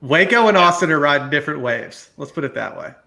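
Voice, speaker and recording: A man's voice: a little high, lively intonation, quick pace, gravelly, bright, forceful tone. A man in casual comedic banter, playful and mock-earnest. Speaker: panelist.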